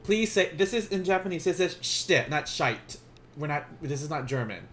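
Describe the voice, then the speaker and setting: A man's voice: fairly high pitch, lively intonation, fairly quick, fairly bright tone, soft background music. A young man teaching a casual beginners' language lesson on a live stream, playful and chatty, often laughing at his own asides.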